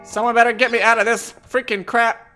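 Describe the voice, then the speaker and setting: A man's voice: extremely high pitch, flat delivery, brisk, sharp tone, soft background music. A man commentating a horror game, jumpy and jokey, swearing often as he panics. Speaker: gamer.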